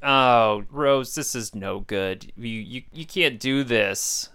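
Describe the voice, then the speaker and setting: A man's voice: medium pitch, slow pace, bright, forceful tone, smooth. A man improvising a flustered sitcom handyman husband who stammers when cornered. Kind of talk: improvised comedy scene.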